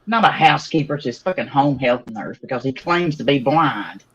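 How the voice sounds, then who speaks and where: A man's voice: medium pitch, animated, fairly quick, a crowd in the background. A man chatting on a live stream in a teasing, sarcastic way. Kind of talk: casual chat on a live stream. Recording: dull lo-fi stream audio.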